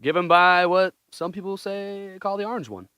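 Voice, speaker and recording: A young man co-hosting a casual podcast chat, excitable, laughing often and swearing casually. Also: high-pitched, normal speed, clean tone, no room sound, clean studio sound. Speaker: podcast co-host.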